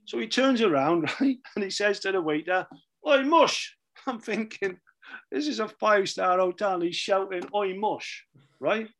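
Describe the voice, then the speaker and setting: A man's voice: high-pitched, moderate pace, fairly bright tone. A middle-aged man with a Welsh accent telling casual anecdotes, laughing often and checking in with "right?" as he goes. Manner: chatty, laughs often, repeats "right?" for emphasis. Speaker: storyteller recounting his career.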